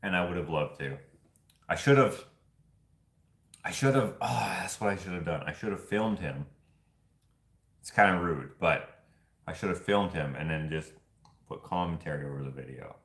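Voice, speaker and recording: Rambling, chuckling man with a low voice. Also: moderate pace, long pauses, fairly bright tone, reverberant. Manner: rambling, chuckling, loose and chatty. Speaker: vlog host running a giveaway. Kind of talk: casual chat.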